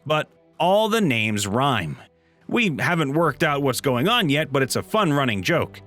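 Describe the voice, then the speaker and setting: Playful guy reading reddit-style stories, bright voice, bouncy delivery, light music under it. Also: medium pitch, a little slow. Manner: animated, playful. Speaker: narrator reading viewer stories. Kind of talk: reading online comments aloud.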